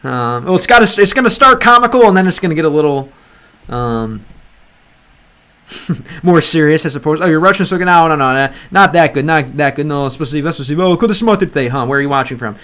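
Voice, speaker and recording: A man's voice: on the high side, lively intonation, fairly quick, a bit bright. A man livestreaming as he studies a language, chatting casually, thinking aloud, reading the chat and often restarting his sentences. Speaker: language-learning streamer.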